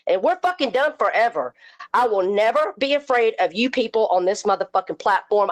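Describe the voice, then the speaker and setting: Furious woman ranting. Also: fairly high pitch. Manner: confrontational, cursing, taunting. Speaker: live stream host. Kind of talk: angry profane rant.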